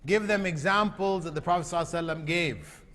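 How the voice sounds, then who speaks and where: A man's voice: fairly high pitch, racing, fairly bright tone. A man giving a religious lecture to a live audience, often quizzing the listeners with repeated questions. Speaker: Islamic lecturer. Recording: long hall reverb.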